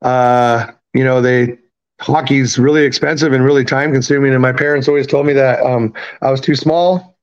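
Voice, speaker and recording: A man in his fifties, raised in Canada, telling a story in a casual, profane, animated way and acting out the quotes. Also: mid-range voice, normal speed, dull audio. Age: 50s. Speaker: podcast guest.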